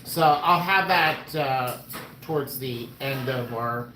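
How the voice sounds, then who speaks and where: A man co-hosting a live sale stream, explaining things in a halting way full of fillers. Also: medium pitch, echoey room, noisy background. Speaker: co-host. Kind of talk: casual live-stream chat.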